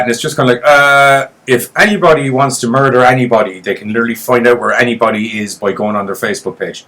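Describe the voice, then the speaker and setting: A man's voice: medium pitch, steady tone, fast, few pauses, fairly bright tone. A man co-hosting a horror podcast in casual chat, joking and swearing as he rambles. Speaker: podcast co-host.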